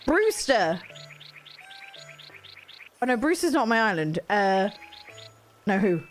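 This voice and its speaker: A woman's voice: mid-range voice, very animated, takes it slowly, soft background music. A woman chatting casually on a live game stream, reacting to viewers' comments. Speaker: streamer playing a video game.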